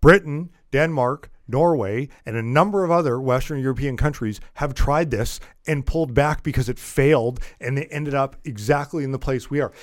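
A man co-hosting a podcast in casual political chat, animated and full of fillers, getting louder and higher when indignant. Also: normal speed, hardly any pauses, dry recording, clean studio sound. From Canada. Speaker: podcast co-host.

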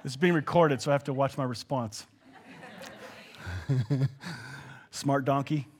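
A man's voice: steady tone, unhurried, darkish tone. A man preaching a casual sermon in a church hall, acting out quoted dialogue as he talks. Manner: conversational, acts out quoted dialogue with swings in pitch and volume. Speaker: pastor.

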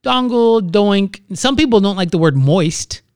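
A man's voice: high voice, lively intonation, unhurried, darkish tone, clean tone, no room sound, clean studio sound. A man co-hosting a podcast in casual chat, playful and teasing, drifting off on tangents. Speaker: podcast co-host.

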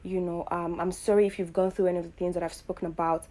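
A woman from Nigeria hosting her own show, talking in a casual, earnest and reflective monologue full of fillers and pauses. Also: on the low side, flat delivery, dark tone. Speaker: podcast host.

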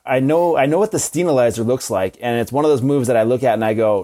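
A man co-hosting a podcast, loud and joking, asking crude questions. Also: medium pitch, quick pace, hardly any pauses. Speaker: podcast co-host. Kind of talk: casual chat.

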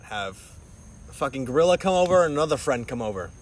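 A man's voice: medium pitch, very animated, fast, slight background noise. A man telling a party story on a podcast, swearing and laughing as he goes. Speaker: podcast co-host. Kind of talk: casual chat.

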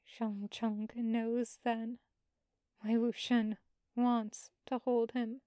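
A woman reading fan fiction aloud as a podfic narrator, soft and tender. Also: a little high, flat delivery, very slow, smooth, no room sound, studio quality. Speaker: podfic reader.

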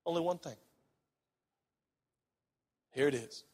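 A man preaching a sermon at a conference, swinging from hushed near-whispers to shouts. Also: sits high, sing-song, moderate pace, husky, in a large hall.

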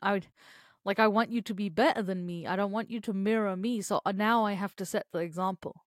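A woman co-hosting a podcast in casual chat, expressive, swearing and laughing a lot. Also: medium pitch, a little fast, dry recording, studio quality. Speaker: podcast co-host, parent of three.

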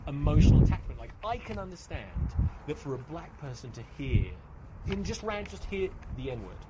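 A man with a high, very lively voice rambles through a crude comedy story in casual chat. He slips into loud put-on voices as he goes. The secret phone recording is in a car and carries clear hiss. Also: brisk. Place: car at night, after a show. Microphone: hidden phone recorder.

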